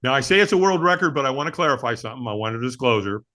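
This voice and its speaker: At a medium pitch and a very fast clip, a middle-aged firewalk instructor shares stories as the guest in an informal interview. He's animated, performs the quotes he recounts, and laughs frequently.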